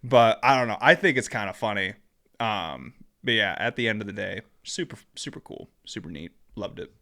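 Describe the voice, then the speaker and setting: A young man co-hosting a podcast in casual chat, talking haltingly with many restarts and laughs. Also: fairly low pitch, lively intonation, bright, forceful tone. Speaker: podcast co-host.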